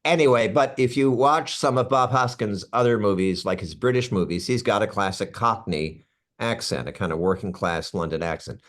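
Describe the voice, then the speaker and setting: This actor guest is a man in his sixties with a lowish voice and a moderate pace. In a relaxed interview conversation, he spins animated stories, breaking off for asides and starting sentences over.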